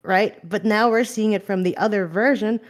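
A woman's voice: mid-range voice, normal speed. A woman in her thirties co-hosting a podcast, candid and teasing, laughing often. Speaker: podcast co-host. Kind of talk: casual chat.

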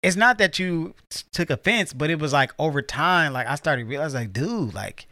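A man talking casually with his partner on a podcast, relaxed and rambling with many fillers. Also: a little high, normal speed, no room sound, studio quality. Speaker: podcast co-host. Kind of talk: casual couple chat.

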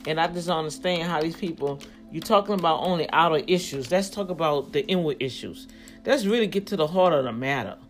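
A woman's voice: low voice, animated, fairly quick, soft background music. A woman vlogger in casual commentary, rambling as she thinks things through aloud and speaking straight to her viewers, growing emphatic when riled up.

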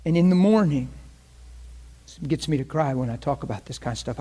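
A man's voice: fairly high pitch, animated, fairly quick. Emotional male preacher, voice breaking. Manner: emotional, voice breaking, swings from hushed to loud; earnest storytelling with quoted speech. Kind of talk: testimony sermon.

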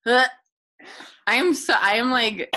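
A woman co-hosting a podcast in casual chat, reacting in a squeamish and expressive way with long, drawn-out reactions. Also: fairly high pitch, a little hiss or hum. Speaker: podcast co-host.

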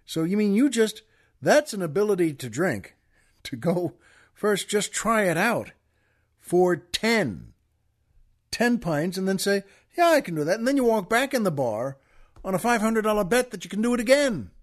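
A man's voice: sits high, very animated, moderate pace. A man hosting a podcast, casually telling a joke as a rambling storyteller with many restarts. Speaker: podcast host.

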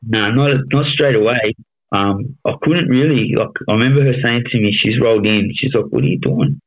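An Australian man in his thirties with a lowish voice tells his story bluntly, swearing often and checking in with "you know what I mean." The sound is thin and tinny, like a phone line. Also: moderate pace. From Melbourne, Australia. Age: 30s. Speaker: podcast guest. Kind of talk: casual storytelling interview.

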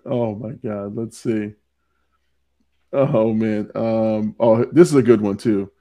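Warm and slow with a fairly low pitch, this man hosts a podcast and reviews a movie in casual chat, frequently laughing and reading quotes out loud.

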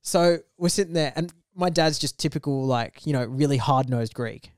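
A young man, co-hosting a podcast and telling a story in lively casual chat, acting out the voices of the people in it. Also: on the high side, normal speed, clear, resonant tone, dry recording, clean studio sound. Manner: animated storyteller, acts out quoted voices. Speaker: podcast co-host.

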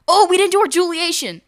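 A young woman co-hosting a podcast from home over a call. She speaks at an unhurried pace with a wry, laid-back tone. She giggles easily. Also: very high-pitched, fairly bright tone. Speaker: podcast co-host. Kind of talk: casual chat.

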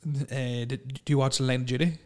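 A man's voice: mid-range voice, fairly even intonation, moderate pace, darkish tone. A young man in casual chat, rambling through stories, laughing often and swearing freely.

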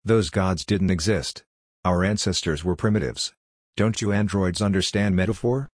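A man voicing a hostile, scornful old male senator who talks bluntly in a dry, husky voice. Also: sits low, moderate pace, dry recording. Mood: contemptuous. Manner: blunt, dismissive.

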